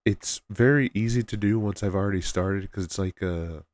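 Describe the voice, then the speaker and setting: A male streamer chatting casually on a live stream, soft-spoken and halting, trailing off between phrases. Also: low voice, no room sound.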